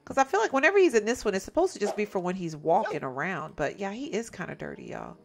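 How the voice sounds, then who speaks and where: A chatty woman narrates her life-sim gameplay in a very animated voice that swings up and down. She sounds exasperated and talks straight to her viewers. Her pitch sits in a middle range. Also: quick pace, gravelly, a little hiss or hum. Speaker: gameplay commentator. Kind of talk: casual let's-play commentary.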